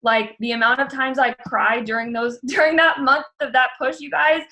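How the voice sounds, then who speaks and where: A woman's voice: sits high, fairly even intonation, normal speed, sharp tone, low-quality recording. A young woman giving an earnest motivational pep talk to her sales team, repeating her key lines for emphasis.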